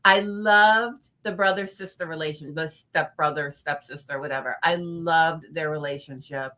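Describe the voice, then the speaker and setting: Woman horror reviewer, casual chat, bright forceful voice, animated reactions. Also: low voice, normal speed. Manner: expressive, animated, acts out reactions. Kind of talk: casual film discussion.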